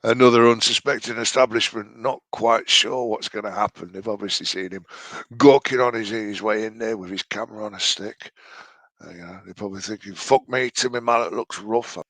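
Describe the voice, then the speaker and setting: A man's voice: lowish voice, steady tone, a little fast, fairly bright tone. A man giving mocking, exasperated reaction commentary on a video, swearing freely.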